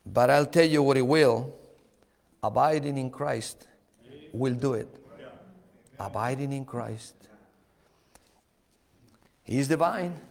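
A man preaching a sermon, slow and emphatic, repeating key words and chuckling now and then. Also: medium pitch, vocal fry, a little mellow, long reverb tail.

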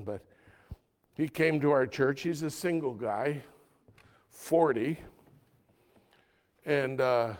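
A male pastor preaching a sermon, his delivery emphatic, dropping quiet and then rising loud. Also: on the high side.

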